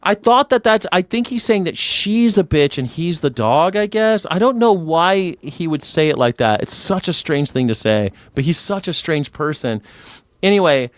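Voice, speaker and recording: A man's voice: fairly high pitch, animated, normal speed, no room sound. Sarcastic man hosting, close and dry. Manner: rambling, sarcastic and profane. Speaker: host. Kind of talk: casual political chat.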